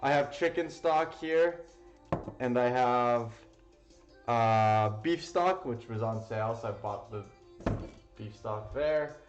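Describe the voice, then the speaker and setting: A man's voice: mid-range voice, slow. Man chatting while cooking on a stream. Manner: loose and rambling, with fillers and casual swearing. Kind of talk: casual live-stream cooking chat. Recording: roomy, dull lo-fi sound with faint music.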